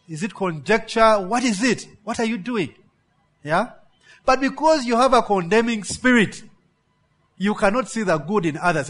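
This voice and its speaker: A man preaching a sermon as a pastor, stressing points with repeated words and often checking in with his listeners with a questioning "yeah?". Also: sits high. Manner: preaches with frequent rhetorical "yeah?" check-ins to the congregation.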